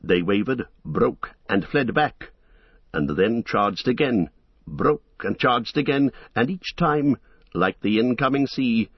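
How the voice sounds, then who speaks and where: A man narrating an epic fantasy audiobook in a measured, dramatic storytelling manner. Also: mid-range voice, husky, no room sound, muffled recording.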